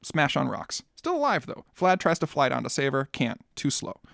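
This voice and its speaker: A man's voice: medium pitch, wildly swooping pitch, normal speed, vocal fry, a bit bright, no echo, studio quality. A man co-hosting a podcast, casually retelling a film plot in a loose, profane way, full of fillers and restarts. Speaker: podcast co-host.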